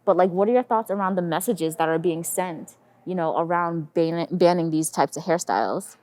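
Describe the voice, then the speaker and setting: A woman's voice: on the low side, normal speed, a little mellow. A woman in her thirties moderating a discussion, talking thoughtfully with many "you know"s and "right"s. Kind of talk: casual panel discussion.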